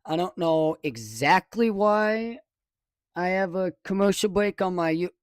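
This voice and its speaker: Speaking at a measured pace in a high voice, a man casually comments on a live weather stream from his home studio. He's excitable and rambling, correcting himself as he goes, and his close desk microphone catches no echo.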